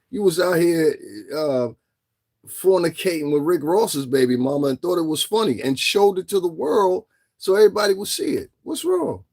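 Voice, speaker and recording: A man with a slightly mellow, higher-pitched voice delivers casual vlog commentary, speaking directly to his listeners and peppering them with taunting rhetorical questions.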